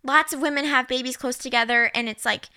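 A young adult woman co-hosting a casual podcast chat, telling a story in lively fashion and acting out the voices of the people she quotes. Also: sits high, a little fast, clear, resonant tone. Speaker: podcast co-host.

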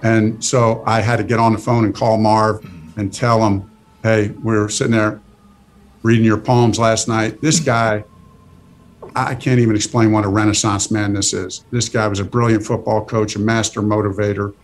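A man's voice: lowish voice, little pitch movement. A middle-aged man, a football coach guest, speaking earnestly with many restarts in a casual interview. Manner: earnest, halting, full of restarts.

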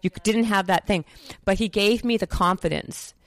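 A Canadian woman in her forties telling an animated personal story as an interview guest, full of fillers and acted-out quotes. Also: medium pitch, normal speed, no echo.

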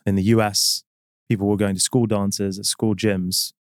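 A man with a British accent talks on a podcast, his voice sitting low and close to a dry microphone. He tells his stories in a measured, reflective way, pausing often and softening points with fillers. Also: little pitch movement, smooth, no echo. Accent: British English. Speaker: guest, business executive. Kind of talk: casual interview chat.

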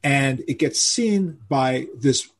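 An older man, telling animated stories as a guest in a podcast interview and acting out the people he quotes. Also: mid-range voice, takes it slowly. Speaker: guest musician.

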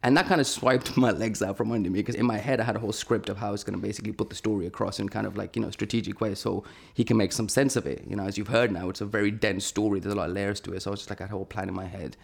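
A man telling a story in casual conversation, animated and rambling with lots of fillers. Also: lowish voice, very fast, creaky, few pauses, slightly rough. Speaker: podcast guest.

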